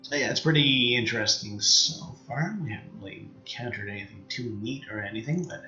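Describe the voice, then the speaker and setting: With faint music underneath, a man with a Canadian accent streams a let's play of his strategy game, musing aloud in a casual, rambling way with lots of fillers and trailing-off, half-finished thoughts. He speaks fairly quickly in a medium, sharp voice, and the recording is reverberant with the highs cut off.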